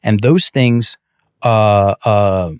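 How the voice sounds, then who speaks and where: Animated man telling a coaching story. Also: on the low side, drawn-out words, smooth, no echo, studio quality. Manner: animated, many restarts, acts out quoted dialogue. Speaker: guest, breathwork and mindset coach. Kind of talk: casual conversational storytelling.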